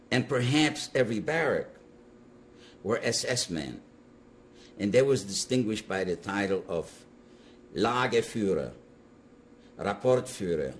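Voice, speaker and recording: An older man, a Holocaust survivor, recounting his memories to an interviewer in emphatic, animated storytelling. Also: lowish voice, slight background noise. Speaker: Holocaust survivor giving testimony.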